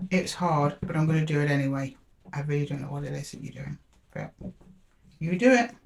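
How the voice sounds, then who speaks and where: A woman's voice: low voice, a little hiss or hum. A woman doing a tarot reading to camera, talking casually and directly to the viewer and asking aloud for each card. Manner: chatty, talks straight to the viewer, asks aloud for each card. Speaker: tarot reader.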